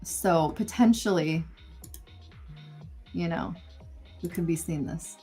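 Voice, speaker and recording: A woman's voice: lowish voice, takes it slowly, mellow, faint music behind. A woman hosting a live trading stream, thinking aloud about the market in a chatty, easygoing way. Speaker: host trader. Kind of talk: casual live trading commentary.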